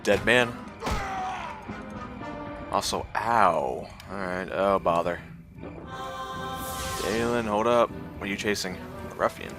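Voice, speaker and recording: A man's voice: fairly low pitch, slow pace, long pauses, over music. A man giving casual, muttered commentary while playing a game. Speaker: gameplay commentator. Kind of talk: casual let's-play commentary.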